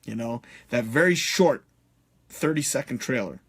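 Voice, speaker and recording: A middle-aged man chatting on a live stream in a loose, rambling way. He swears freely and fills his talk with "uh" and "you know". His voice sits at an ordinary middle pitch. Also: lively intonation, moderate pace, breathy edge. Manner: rambling, profane, many fillers. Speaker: podcast host. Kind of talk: casual live-stream chat.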